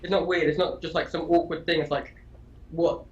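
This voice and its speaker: A man's voice: on the high side, level tone, fairly quick, highs cut off. A man co-hosting a gaming podcast in casual chat, rambling with lots of restarts and casual swearing. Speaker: podcast co-host.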